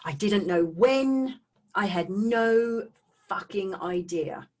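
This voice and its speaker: A woman speaks over a video call in a voice of ordinary, mid-range pitch. She tells her own story as an emotional testimony, halting and earnest, and she often circles back and restarts her words. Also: animated, a little mellow. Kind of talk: emotional personal testimony talk.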